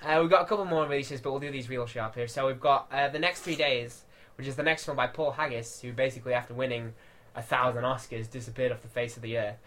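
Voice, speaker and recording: Fast, ranting film podcast man. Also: mid-range voice, fairly even intonation, a bit bright. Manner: rapid, ranting, laughs often. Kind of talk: casual film review chat.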